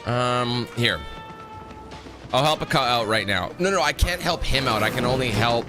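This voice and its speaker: A man's voice: mid-range voice, expressive, moderate pace, music in the background. A man giving casual, rambling commentary while playing a video game, often correcting himself mid-sentence. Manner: chatty, rambling, self-correcting. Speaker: gaming YouTuber.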